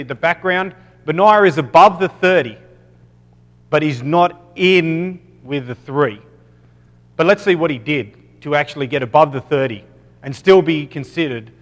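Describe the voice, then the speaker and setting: A man with an Australian accent giving a casual Bible teaching, peppering it with "okay" and correcting himself as he goes. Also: a little high. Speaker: preacher. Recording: long reverb of a hall.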